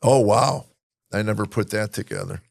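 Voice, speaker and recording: A man with a deep, gravelly voice chats as a podcast host. He talks in halting bursts full of fillers and restarts. The sound is close and dry, with no room around it. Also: dry recording. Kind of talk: casual chat.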